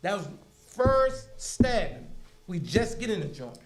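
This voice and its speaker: A man's voice: sits high, measured pace, reverberant, faint music behind. A man from Harlem, New York, a guest in a casual interview, telling stories animatedly and acting out voices with frequent laughs. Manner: animated, acts out prison dialogue, laughs often.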